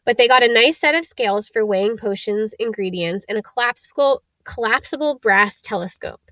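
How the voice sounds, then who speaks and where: Lady reading a storybook out loud, steady easy pace, highish voice, dry sound. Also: a little fast, no room sound. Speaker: narrator.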